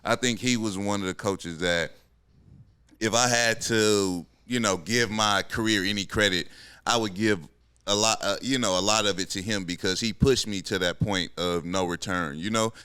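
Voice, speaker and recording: Podcast host in his thirties, deep voice, bright tone, laid-back, slangy. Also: normal speed, clear, resonant tone, no room sound. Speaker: podcast host, former pro football player. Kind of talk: casual podcast chat.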